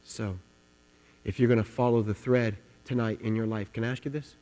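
A man preaching a sermon with passion, repeating his words and swinging between loud, driving lines and hushed ones. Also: mid-range voice, steady tone, normal speed. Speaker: pastor. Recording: long hall reverb, mains hum.

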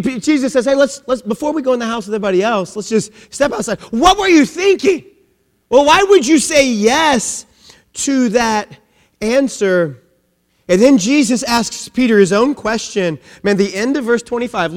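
A man preaching a sermon, emphatic, full of rhetorical questions and lines that open with "man". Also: very high-pitched. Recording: long reverb of a large hall.

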